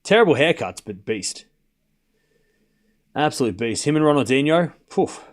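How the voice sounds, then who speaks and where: A man's voice: mid-range voice, moderate pace. A man hosting a live tennis watchalong stream, calling each point and cracking jokes in asides. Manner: excitable, joking asides between points. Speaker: watchalong host and commentator. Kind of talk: live play-by-play stream commentary.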